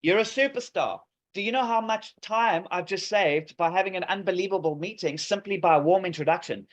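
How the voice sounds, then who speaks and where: Upbeat man pitching on a call. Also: a little fast. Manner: enthusiastic, pitchy, many fillers. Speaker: presenter demoing an app. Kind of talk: live demo on a video call. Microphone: video call microphone. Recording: dull lo-fi call audio.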